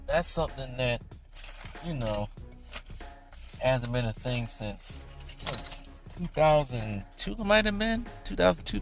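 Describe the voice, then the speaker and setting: Guy rambling on his channel, lots of laughs, pitch all over, bit of music behind. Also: creaky. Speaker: YouTuber. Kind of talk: casual commentary vlog.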